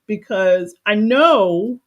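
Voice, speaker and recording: A woman's voice: mid-range voice, animated, very slow, highs cut off. A woman life coach giving a motivational talk on a live stream, emphatic and passionate, repeating phrases for emphasis. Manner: passionate, preacher-like cadence.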